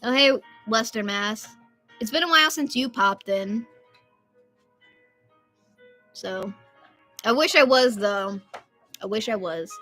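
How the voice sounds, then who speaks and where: Twenty-something woman rambling on her live stream, highish bright voice, gets loud sometimes. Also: slow, long pauses, faint music behind. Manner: chatty and rambling, loud at times. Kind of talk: casual live-stream chat.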